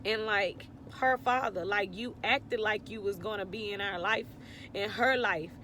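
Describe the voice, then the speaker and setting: A woman's voice: medium pitch, unhurried, a bit bright, slight background noise. A woman in her thirties, teary and heartfelt, giving a rambling faith testimony to her viewers from her car. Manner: heartfelt, tearful, rambling with many fillers. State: teary, on the verge of crying. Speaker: vlogger.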